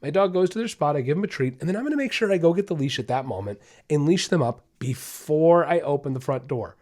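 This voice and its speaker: A man's voice: a little high, lively intonation, fast talker, darkish tone. A man hosting a dog-training podcast, explaining steps in a casual, upbeat way and often checking in with listeners. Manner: casual, upbeat, addresses listeners as guys, many okays and rights. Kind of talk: instructional podcast talk.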